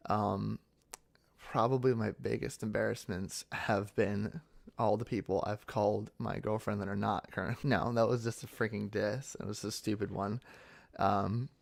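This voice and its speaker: A man's voice: on the low side, fairly even intonation, moderate pace, gravelly. A young man from central Pennsylvania answering viewer comments in a rambling casual chat, full of fillers and restarts. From central Pennsylvania, United States. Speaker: ASMR channel host.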